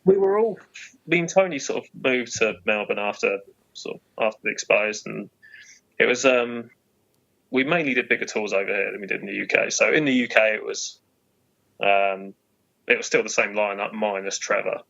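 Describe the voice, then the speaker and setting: A man's voice: on the low side, normal speed, vocal fry, pushed and bright, dull audio. A man with a Portsmouth English accent, a podcast guest who talks casually and hesitantly, with many fillers and restarts. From England. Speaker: guest musician.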